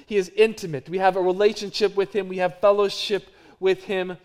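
A middle-aged man with a high-pitched voice preaches a sermon. His delivery moves between quiet, dropped phrases and louder emphatic runs of repetition. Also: little pitch movement, brisk, clear, resonant tone. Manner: varies from hushed to loud, repetitive emphatic phrasing. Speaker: pastor.

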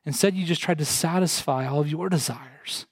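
A man's voice: on the high side, normal speed, breathy edge, no room sound. A man preaching a sermon, earnest, putting direct questions to his congregation. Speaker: pastor.

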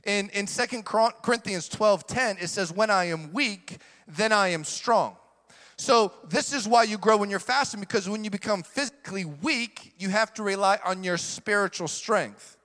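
A man's voice: high voice, moderate pace, pushed and bright. Middle-aged pastor guy preaching hard, says stuff twice for weight, big echoey hall. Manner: emphatic preaching, repeats key lines for weight. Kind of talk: sermon. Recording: echoey hall with long reverb.

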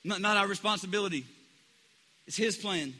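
A man with a high, very bright, forceful voice preaches a sermon, talking it through casually and stumbling over restarts. He slips into the voices of the people he quotes. Long reverb trails behind every word, as in a large hall. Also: normal speed. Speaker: pastor.

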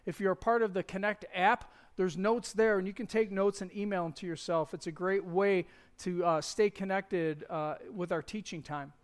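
A man giving a conversational sermon as pastor, retelling a Bible story in a casual, joking, animated way. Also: high-pitched, normal speed, clean tone.

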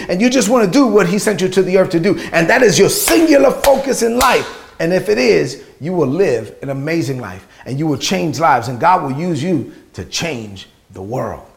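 A man's voice: sits high, vocal fry. A man in his forties preaching a sermon as pastor, emphatic and repeating phrases for stress. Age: 40s.

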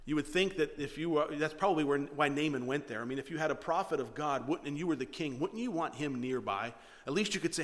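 A man preaching a sermon, telling a story with animated energy and many rhetorical questions. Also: a little high, fast talker, long reverb tail. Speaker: pastor.

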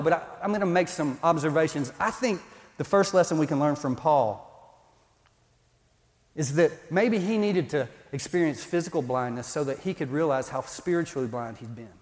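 A man's voice: a little high, lively intonation, moderate pace. A male pastor, preaching a sermon in a conversational, emphatic way. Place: church. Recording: long reverb in a church hall.

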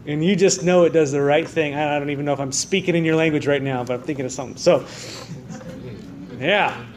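A man's voice: fairly high pitch, fairly quick, crowd noise. Earnest American male pastor preaching. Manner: earnest, rhetorical questions, restarts. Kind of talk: sermon. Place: church sanctuary.

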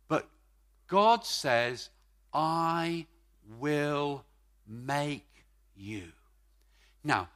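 Animated preacher. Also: male voice, high voice. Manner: emphatic, stretches key words, swings from loud to quiet. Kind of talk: sermon. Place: church service.

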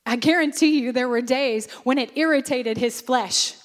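A woman pastor preaching a sermon, animated and lively, acting out bursts of praise as she goes. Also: sits high, normal speed, in a large hall.

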